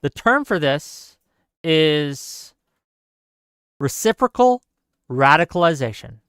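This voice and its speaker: Earnest panel host on a voice call, smooth tone, dry sound, gets passionate. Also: mid-range voice, very animated, slow pace, a bit bright, no room sound. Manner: earnest, grows passionate and emphatic. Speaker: show host. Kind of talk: livestream panel discussion. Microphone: online voice call.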